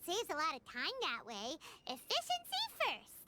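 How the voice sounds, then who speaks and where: A tiny, bubbly fairy companion chirps in a very high voice that leaps wildly up and down. She reacts fast and excitably. Loud clicking game sounds run under her lines. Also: very noisy. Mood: excited. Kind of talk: video game dialogue.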